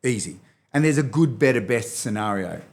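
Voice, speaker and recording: An Australian man talking as a podcast guest and movement expert, energetic and animated, coaching the host as he explains. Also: medium pitch, normal speed. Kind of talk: enthusiastic podcast interview talk.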